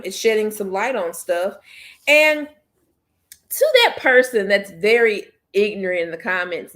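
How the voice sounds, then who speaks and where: Animated woman hosting a book club. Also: medium pitch. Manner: animated, laughs often, exasperated; talks straight to viewers. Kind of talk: casual chat.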